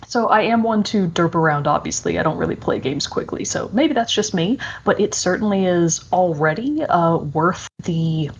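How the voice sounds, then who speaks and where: A woman's voice: fairly low pitch, big pitch swings, normal speed, hardly any pauses, slight background noise. A woman co-hosting a podcast, chatting enthusiastically about video games with many fillers. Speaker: podcast co-host. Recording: dull lo-fi audio.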